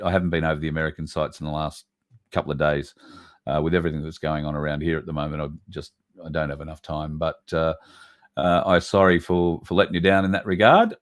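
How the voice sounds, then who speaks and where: Blunt, swearing man with a very deep voice. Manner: blunt, swearing, ranting with sudden loud bursts. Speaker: livestream host. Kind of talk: livestream commentary reading viewer comments.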